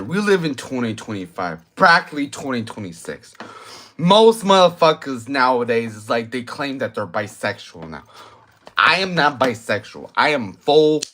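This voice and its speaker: A man's voice: medium pitch, a bit bright. Young man, drawling and tipsy, crude late-night ranter. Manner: crude, slangy, argumentative, repeats himself. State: drinking, tipsy. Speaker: vlogger. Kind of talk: late-night rambling monologue.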